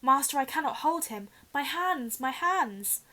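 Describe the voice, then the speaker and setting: A strained, loud male teacher who serves a dark master, voiced by a woman reading aloud. He barks orders and cries out in a tense storybook voice. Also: high-pitched, lively intonation, fairly quick. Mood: panicked pain. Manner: strained, shouting.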